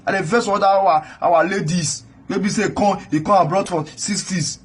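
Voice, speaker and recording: A man's voice: high-pitched, fairly even intonation, moderate pace, breathy edge. A man with a Nigerian accent ranting indignantly and scolding, repeating himself as he reacts to a video. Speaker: commentator. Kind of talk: angry reaction rant.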